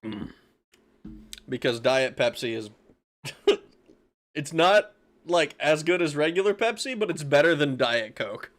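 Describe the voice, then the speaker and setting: A man's voice: on the high side, lively intonation, a little slow, pauses often, fairly bright tone. A man streaming a game, chatting casually with his viewers, reading out chat, laughing and swearing, with frequent restarts.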